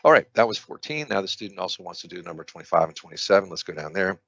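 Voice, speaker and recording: A man's voice: low-pitched, sing-song, very fast, fairly bright tone, highs cut off. A man tutoring through practice test questions, thinking aloud with frequent restarts and fillers. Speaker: SAT prep tutor. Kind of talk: screen-share test walkthrough.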